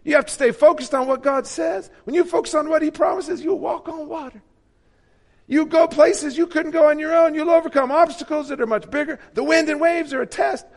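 A man imitating a beaming, upbeat male megachurch preacher in a bright, sing-song delivery. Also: very high-pitched, fairly even intonation, fairly quick, voice pushed up.

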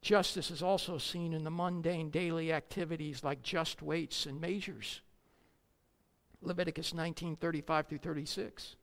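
A preacher delivering a sermon, emphatic, swinging between loud declamation and quiet asides, with sarcastic jabs and rhetorical questions. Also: medium pitch, steady tone, normal speed, gravelly, in a large hall.

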